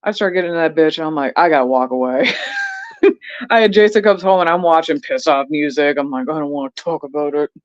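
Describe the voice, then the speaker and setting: Animated profane woman veteran. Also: low voice, fast talker, hardly any pauses. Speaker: veteran co-host. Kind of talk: casual livestream chat. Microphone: video call. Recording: dull lo-fi stream audio.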